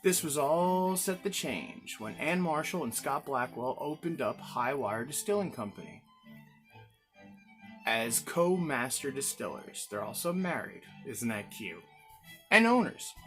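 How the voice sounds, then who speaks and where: Man, gin reviewer, casual chatty talk, jokey, excitable, faint music behind. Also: a little high. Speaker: gin reviewer, show host; chef. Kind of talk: casual spoken product review.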